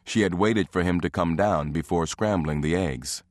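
A man narrating an audiobook in a measured, even reading. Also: deep voice, no room sound. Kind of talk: scripted narration.

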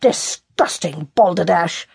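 A woman voicing an older gentleman father who speaks in a stiff, formal, blustering way in a storybook reading. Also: fairly low pitch, slow pace, gravelly, husky, no room sound, exaggerated voice.

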